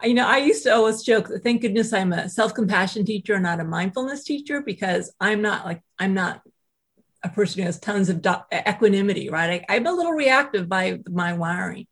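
A woman who writes and teaches self-compassion, telling a personal story in a casual interview, animated and full of "you know" asides. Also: mid-range voice, fairly quick, husky. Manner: animated, acts out quoted voices, frequent "you know" asides.

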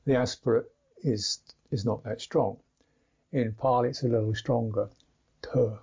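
A man gives an unhurried pronunciation lesson, carefully repeating each consonant as he demonstrates it. His voice is warm and low-toned with a gravelly edge. The recording sounds muffled and lo-fi. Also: fairly even intonation. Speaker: Buddhist meditation teacher. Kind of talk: slow instructional talk on pronunciation. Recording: dull lo-fi recording.

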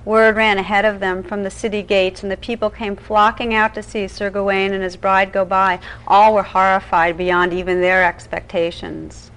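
A woman meditation teacher reading an old legend aloud in a calm, measured way during a dharma talk. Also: mid-range voice, smooth, poor audio.

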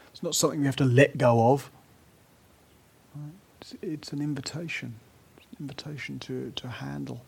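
A man giving a gentle, unhurried meditation talk at a retreat, now and then dropping to a soft whisper. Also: mid-range voice, creaky. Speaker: meditation teacher.

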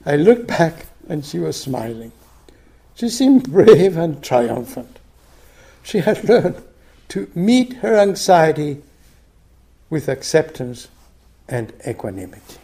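An older meditation teacher gives a dharma talk in a mellow, fairly high voice. His pitch rises and falls a lot as he reads. He speaks slowly, and many phrases fade to a soft whisper. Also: big pitch swings, gravelly. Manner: soft, unhurried, phrase ends dropping to a whisper. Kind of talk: dharma talk, reading a story aloud.

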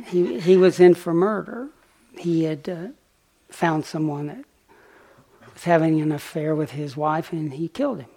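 A man giving a dharma talk as a meditation teacher, telling a story gently and unhurriedly, with pauses and small fillers. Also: a little high, creaky. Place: retreat center meditation hall.

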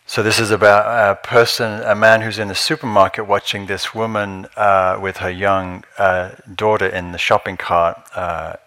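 A man teaching meditation at a retreat, telling stories with easy humor and soft chuckles in a meditation hall. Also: lowish voice, level tone, moderate pace, few pauses. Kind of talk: dharma talk at a retreat.

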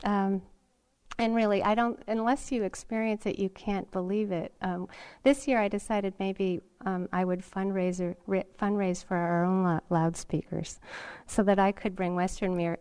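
A middle-aged woman gives a dharma talk at a meditation retreat. She speaks slowly and reflectively, with many pauses, fillers and soft laughs. Her pitch is mid-range for a woman. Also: clean tone. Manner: unhurried and reflective, with frequent ums and soft laughs. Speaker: meditation teacher.

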